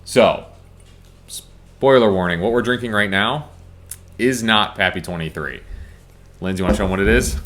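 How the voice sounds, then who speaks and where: Male co-host, deep voice, relaxed anecdotal delivery. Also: moderate pace, pauses often. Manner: relaxed, chatty anecdote teller. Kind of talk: casual storytelling.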